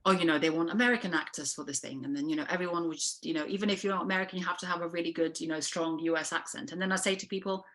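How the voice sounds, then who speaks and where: A woman's voice: on the low side, steady tone, very fast, few pauses, fairly bright tone. A woman with a Serbian accent, a casting director speaking frankly in an interview, with many fillers and restarts. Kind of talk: interview conversation.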